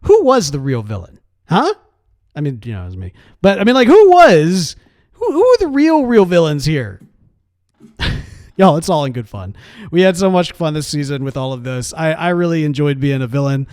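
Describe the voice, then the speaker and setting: A man's voice: on the high side, wildly swooping pitch, normal speed, a little mellow, no echo, studio quality. A man giving casual, rambling gameplay commentary in a playful, coaxing way. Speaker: game series player.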